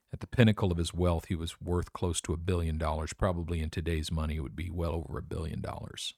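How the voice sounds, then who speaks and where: A man with a notably deep voice talks through a heartfelt confessional podcast monologue. He speaks with earnest, searching emotion. The sound is dry and close, with no room around it. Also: darkish tone, dry recording. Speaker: podcast host.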